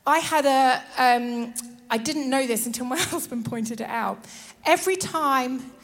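A woman preaching a sermon in a lively way, often laughing and acting out little scenes. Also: high-pitched, a little slow.

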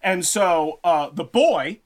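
A man's voice: on the high side, lively intonation, slow pace. A man retelling a myth in a casual, slangy podcast storytelling style, laughing along. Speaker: podcast host.

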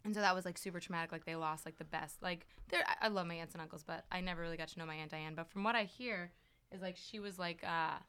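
With a lowish, sharp yet clear and resonant voice, a woman chats casually at a quick pace about personal stories from her rural farm upbringing. She uses lots of fillers and acts out the quotes she tells.

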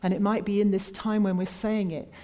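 A woman preaching a sermon from the United Kingdom, putting earnest, searching questions to the congregation and turning soft and prayerful when she leads prayer. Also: mid-range voice, level tone, fairly quick.

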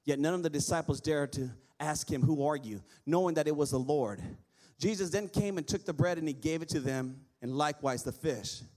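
A man's voice: fairly high pitch, a little fast, a little mellow. A man preaching a sermon as pastor in a church, reading scripture and calling on the congregation to answer back. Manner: preaching, quoting scripture, calls on the congregation to respond.

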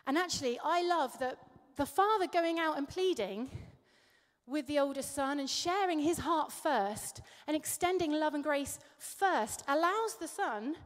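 A woman preacher giving a sermon, telling stories with self-deprecating humour. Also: sits high. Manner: warm storytelling, laughing at herself. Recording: echoey hall.

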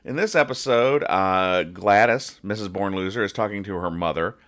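A man's voice: on the low side, normal speed, fairly bright tone. A man hosting a casual podcast, rambling, joking and explaining each punchline. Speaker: podcast host reading comics. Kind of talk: casual comedic podcast chat.

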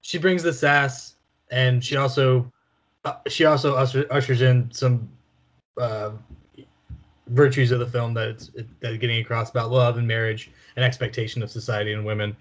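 A man's voice: medium pitch, level tone, moderate pace. A man co-hosting a casual film podcast, enthusiastic and loose, calling his friend "dude" and "bro". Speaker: podcast co-host.

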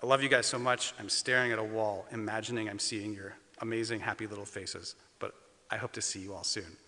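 A man with a gravelly edge and a bright, forceful tone walks children through an imagination story. He gently asks his young listeners question after question, recorded at home with a long reverb hanging on his voice. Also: on the low side, steady tone, fairly quick. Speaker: children's pastor. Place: at home, facing a wall.

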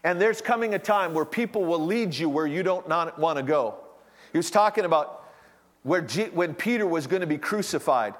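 A man preaching a sermon, telling stories with animated delivery and acting out the voices of those he quotes. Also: fairly high pitch, normal speed. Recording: long hall reverb.

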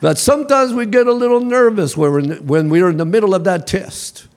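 A male pastor preaching a sermon in a church, calling the congregation to repeat after him and building to shouts. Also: high-pitched, brisk, crowd noise. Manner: call-and-response preaching, rising to shouts. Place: church sanctuary.

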